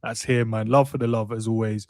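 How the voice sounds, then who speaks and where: A man's voice: lowish voice, little pitch movement, fairly quick, darkish tone, no echo, studio quality. A young man, co-hosting a football chat, joking around and reading out viewer messages. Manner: slangy, joking, reads out viewer comments. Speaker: co-host. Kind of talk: casual chat.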